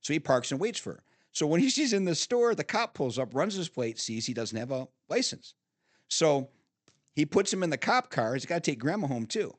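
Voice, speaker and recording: Middle-aged man, podcast guest, salty animated storyteller, dry close studio sound. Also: a little high, moderate pace, dry recording. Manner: animated storyteller, swearing, frequent laughs and restarts. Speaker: podcast guest, father of the host. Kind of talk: casual storytelling chat.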